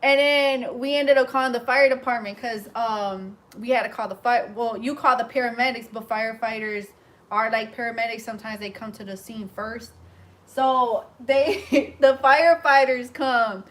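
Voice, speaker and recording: A woman braider chatting casually while she does hair, telling animated stories and laughing often. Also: fairly high pitch, moderate pace. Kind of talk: casual chat while doing hair on a livestream.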